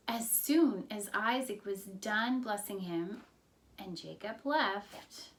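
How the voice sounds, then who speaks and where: A woman Sunday school teacher narrating a Bible story in an expressive, storytelling way. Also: mid-range voice, distant mic.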